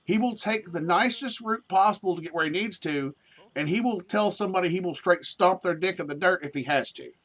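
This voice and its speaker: A man's voice: high voice, fairly quick, fairly bright tone. A man chatting casually and profanely while streaming a game. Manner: rambling, profane, easygoing. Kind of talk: casual live-stream chat.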